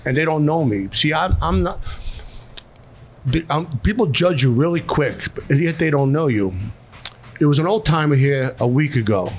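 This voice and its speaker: A man's voice: fairly high pitch, expressive, moderate pace, a little hiss or hum. A middle-aged man with a Philadelphia Italian-American accent, a restaurateur talking bluntly and emotionally in an interview, street-tough and repeating words when moved. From South Philadelphia. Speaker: restaurateur guest. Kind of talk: emotional candid conversation.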